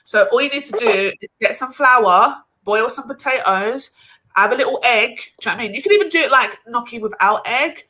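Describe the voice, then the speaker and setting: A woman hosting a casual livestream panel over a video call, talking fast and loose with lots of fillers and slang. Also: fairly high pitch, bright, forceful tone, low-quality recording. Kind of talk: casual chat.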